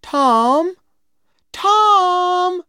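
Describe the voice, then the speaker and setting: A woman's voice: medium pitch, wildly swooping pitch, slow, dry recording, clean studio sound, voice pushed up. A woman doing a prim young schoolgirl. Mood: upset. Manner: sweet, sing-song.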